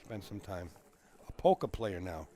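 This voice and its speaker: A man with a fairly low voice does loose, chatty commentary on a pool match stream. He answers viewer comments as they come in and swaps stories with his co-host. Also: lively intonation, normal speed, mellow. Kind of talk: casual live-stream commentary.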